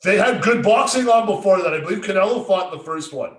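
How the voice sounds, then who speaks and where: Man, high voice, loose rambling talker who swears freely, picked up off-mic in a roomy space. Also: animated, fast talker, distant mic. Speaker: podcast co-host. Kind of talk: casual chat. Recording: roomy echo, away from the mic.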